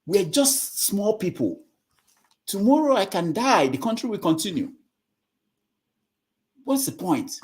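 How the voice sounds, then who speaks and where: Man, middle-aged, discussion host, lecturing tone, animated pitch, repeats himself. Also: measured pace, pauses often. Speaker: host moderating an online discussion. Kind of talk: casual moderating talk.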